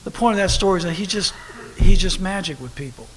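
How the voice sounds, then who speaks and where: A man preaching a sermon at a church service, telling a story with lively, animated delivery that bursts into shouting. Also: high-pitched, fast talker. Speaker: pastor. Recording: long hall reverb with faint noise.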